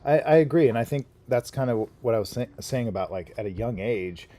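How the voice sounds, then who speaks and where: A man's voice: medium pitch, expressive, fairly quick, dark tone. A middle-aged man hosting a casual podcast chat, talking things through in a reflective way and swearing now and then. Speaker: podcast host.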